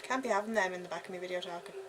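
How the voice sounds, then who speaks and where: A woman's voice: fairly low pitch, very fast, noisy background. A young Irish woman giving a casual makeup tutorial at home, chatty and giddy, talking to herself as she works. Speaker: beauty vlogger.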